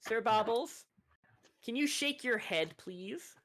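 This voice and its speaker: A man's voice: very high-pitched, lively intonation, takes it slowly, fairly bright tone, pitched above the performer's own voice, heavily acted. A man voicing a snarky young female rabbit-folk girl in a tabletop game, with a snippy, mocking manner. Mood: teasing.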